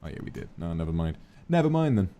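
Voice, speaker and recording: A man streaming a game, chatting casually in a playful, theatrical way, moving between grand declarations and hushed asides. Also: low voice, sing-song, fast talker. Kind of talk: casual gameplay stream chat.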